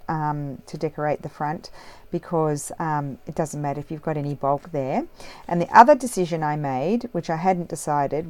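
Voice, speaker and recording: A woman with a notably low voice chats her way through a crafting tutorial in her home craft room. She rambles and corrects herself as she goes, trailing off into asides. Her low, relaxed delivery suits the easy, unscripted tone of the session. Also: dry recording. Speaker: crafting vlogger. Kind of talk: casual crafting tutorial chat.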